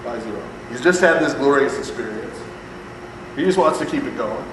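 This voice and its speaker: A man teaches Bible study to a live group in a casual, joking way, acting out voices and checking in with "right?" after nearly every point. His voice is mid-pitched and lingers with a long reverb, as if he stands in a large hall. A low air-conditioning hum runs faintly underneath. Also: expressive, fairly quick. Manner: conversational, keeps asking "right?", jokes and acts out voices.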